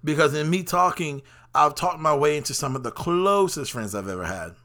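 A man's voice: fairly high pitch, expressive, normal speed, sharp tone. A man hosting a show, talking through a rambling personal monologue with lots of fillers. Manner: talkative, rambling, frequent fillers. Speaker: podcast host.

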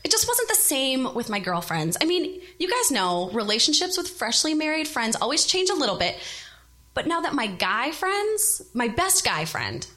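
A woman in her thirties telling a personal story, animated and self-deprecating. Her voice is high and swoops around with lots of movement. The tone is bright and forward. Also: moderate pace.

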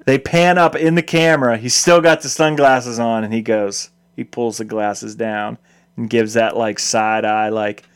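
Animated man recapping a movie. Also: mid-range voice, unhurried, clear, resonant tone. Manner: animated, incredulous storytelling. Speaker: podcast co-host. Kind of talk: casual movie-recap chat.

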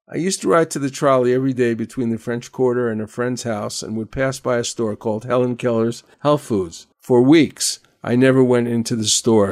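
An older male radio host reads a personal story in a measured, earnest way. His voice sits at an ordinary middle pitch. He introduces his guest with steady care. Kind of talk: scripted radio narration.

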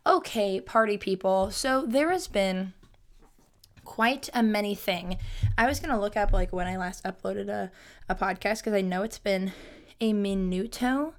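A woman in her twenties hosting a solo podcast in a rambling, self-mocking way, her voice a little hoarse and scratchy as she keeps clearing her throat. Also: medium pitch, measured pace. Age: 20s. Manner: rambling, self-mocking, chatty with many fillers. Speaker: podcast host. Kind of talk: casual solo podcast chat.

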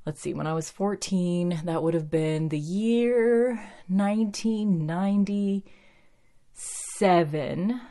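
A chatty woman in her late thirties, originally from the Midwest, talks through a TV show in a loose, rambling way. Her voice sits a little low, and she fills her sentences with "like" and little laughs. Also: takes it slowly, warm tone. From American Midwest. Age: 30s. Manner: chatty, rambling, full of "like", giggles often. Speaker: TV show recapper. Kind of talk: casual chat.

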